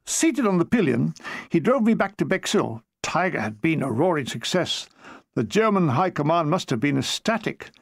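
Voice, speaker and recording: A man reading his own comic war memoir in a dry, deadpan way. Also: on the high side, normal speed, vocal fry, no echo.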